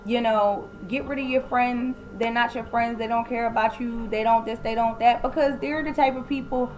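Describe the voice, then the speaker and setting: A woman's voice: on the high side, fairly even intonation, moderate pace, a little mellow, a little hiss or hum, poor audio. A woman giving a casual, blunt and opinionated recap of a TV episode, often acting out the quoted lines. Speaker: TV recap vlogger.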